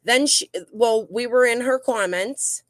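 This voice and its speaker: A woman's voice: fairly high pitch, unhurried, no echo, clean studio sound. A woman hosting her own channel, reading out messages in heated, rambling commentary with many restarts. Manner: aggravated, defensive, rambling with restarts. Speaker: YouTube channel host.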